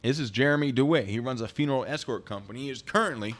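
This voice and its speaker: A man's voice: mid-range voice, racing, fairly bright tone, voice pushed up, close to an everyday voice. A man imitating an older male TV talk-show host with a dramatic, showman-like delivery. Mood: theatrical.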